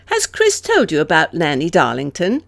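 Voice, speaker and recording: A woman voicing a lively, teasing young woman in an audiobook, speaking brightly and playfully. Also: low-pitched, moderate pace, gravelly, no echo, full character voice.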